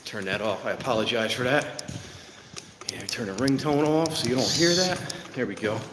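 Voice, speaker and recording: A man's voice: mid-range voice, moderate pace. Out of breath guy rambling on a live stream at a train station, outdoor noise behind him. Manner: rambling, self-deprecating, thinking aloud. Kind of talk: casual live-stream chat. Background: outdoor ambience, clear background noise.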